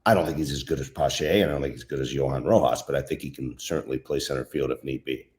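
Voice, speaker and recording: Brief: deep male baseball analyst, halting, opinionated, casual talk. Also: a little mellow. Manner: halting, restarts often, opinionated.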